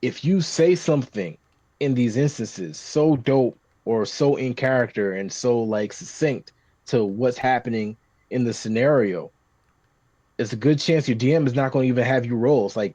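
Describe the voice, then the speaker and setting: A man chatting casually on a podcast, rambling with many restarts and getting animated when describing scenes. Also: medium pitch, moderate pace, no room sound. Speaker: podcast guest talking tabletop games. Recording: dry, slightly muffled podcast recording.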